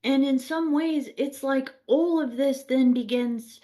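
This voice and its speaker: Woman chatting through a spiritual tale, kinda high voice, animated, laughs a lot. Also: slow. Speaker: spiritual storyteller. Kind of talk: casual spiritual storytelling.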